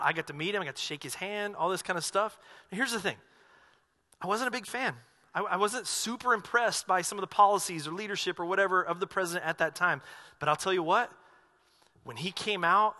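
A man's voice: sits high, pushed and bright, in a large hall. A man from the American South preaching a sermon as pastor, in a conversational, jokey storytelling manner.

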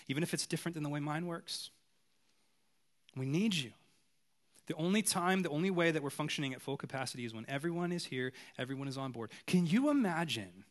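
A pastor, a man, preaching a sermon in a casual, animated, conversational way. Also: a little high.

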